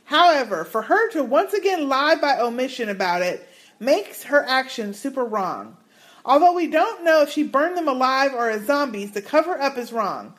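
A woman co-hosting a relaxed podcast reads listener emails aloud. Her high voice moves around a lot, and she drops her own comments between the lines she reads. The tone is chatty and informal. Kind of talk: casual podcast chat.

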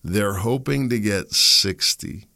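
A man's voice: on the low side, slow pace, creaky, pushed and bright. A man hosting a solo commentary show, rambling and opinionated, with sardonic asides. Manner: rambling, opinionated, sardonic, with mocking put-on quotes. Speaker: podcast host.

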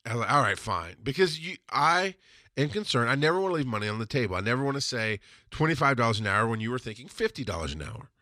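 A man's voice: mid-range voice, animated, fast talker, bright, forceful tone, no echo, studio quality. A man hosting a podcast, talking casually and giving mentoring advice through personal stories. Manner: chatty and mentoring, tells stories and acts out customers. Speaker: podcast host.

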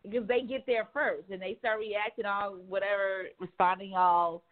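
A woman hosting a casual podcast chat, talking candidly and with profanity in an animated way. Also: medium pitch, moderate pace. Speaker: podcast host. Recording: tinny phone-like sound.

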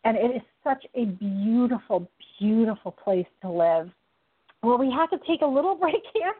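A woman's voice: on the high side, animated, normal speed, husky. A woman hosting a Christian talk show, telling personal stories earnestly and with animation, often laughing. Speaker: radio show host. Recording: tinny phone-like sound.

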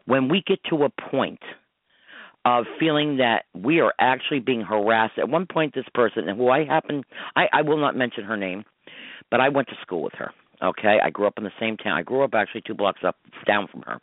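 A man's voice: mid-range voice, lively intonation, fairly quick, no echo. A middle-aged man hosting a call-in radio show as a psychic medium, talking in an emphatic, rambling, upset way. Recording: dry tinny phone-line audio.

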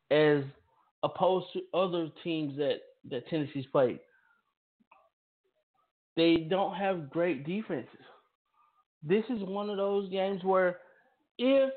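Emphatic man on a tinny phone line. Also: on the high side. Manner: repeats and restarts phrases, emphatic. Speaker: radio show host. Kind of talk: football talk radio commentary.

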